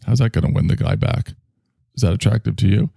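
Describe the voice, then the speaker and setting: A man's voice: on the low side, fairly even intonation, fast talker, gravelly, dark tone, dry recording, studio quality. A man streaming, rambling sarcastically in a comic monologue.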